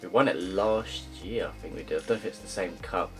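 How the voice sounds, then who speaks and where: A young man giving casual, rambling commentary on his football game career, full of ums and uhs, with loud upbeat greetings. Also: deep voice, fairly quick. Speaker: gaming YouTuber. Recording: faint guitar music behind.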